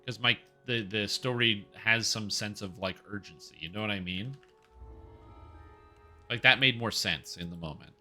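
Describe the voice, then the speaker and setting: A man chatting casually while he streams a game, rambling along with joking asides. His low voice has a very bright, forceful edge. Faint game music plays behind him. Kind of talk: casual chat while playing.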